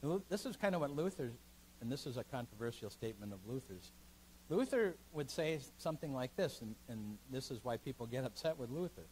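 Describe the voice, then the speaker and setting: A man's voice: medium pitch, a little fast, slight background noise, low-quality recording. A man, a pastor, leading a seminar in a church meeting room, teaching emphatically and taking questions. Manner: emphatic, animated teaching that takes listeners' questions.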